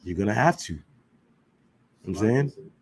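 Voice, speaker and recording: There's slight background noise as a man with a fairly low, darkish voice talks at normal speed in an animated way. Leading a casual scripture class, he's emphatic and slangy, throws out rhetorical questions, and checks in constantly with "you know what I'm saying."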